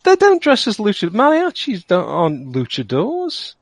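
A man plays at a tabletop game, jumping up and down in pitch as he jokes around. His voice is a little higher than usual, and it is captured dry, without room echo. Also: normal speed. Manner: lively and joking. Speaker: player. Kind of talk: joking table chat.

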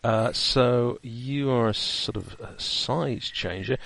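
A man running a tabletop game as game master, talking in a dry, teasing, measured way. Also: medium pitch, creaky, fairly bright tone, dry recording. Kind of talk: casual tabletop game chat.

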